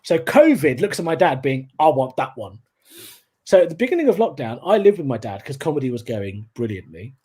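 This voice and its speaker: A man doing a stand-up comedy set over a video call, animated and telling stories with acted-out voices. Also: fairly high pitch, a little fast, hardly any pauses, husky.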